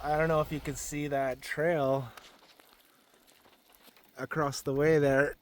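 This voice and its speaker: A man's voice: on the high side, little pitch movement, takes it slowly, a little hiss or hum. A man casually vlogging outdoors in a rainy forest, chatting and laughing often while he works on his truck and drives up a logging road. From Canada. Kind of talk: casual outdoor vlog narration.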